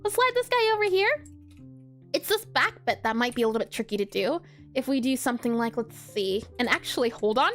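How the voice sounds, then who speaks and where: A woman's voice: fairly high pitch, big pitch swings, a little fast, faint music behind. A woman streaming pixel art, chatting casually and bubbly as she draws, laughing often and answering her chat. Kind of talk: casual live-stream chat while drawing.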